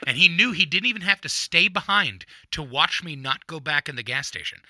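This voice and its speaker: A man's voice: fairly high pitch, a little fast, no echo. A man co-hosting a faith podcast, casually chatting and acting out quotes as he tells a story. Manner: animated storyteller, acts out quotes. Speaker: podcast co-host. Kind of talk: casual chat.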